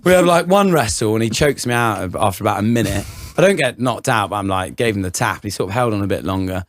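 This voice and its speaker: A man's voice: fairly low pitch, animated, quick pace, dry recording. Man telling a rambling story. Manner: rambling anecdote with fillers and laughter. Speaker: podcast co-host. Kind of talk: casual chat, storytelling.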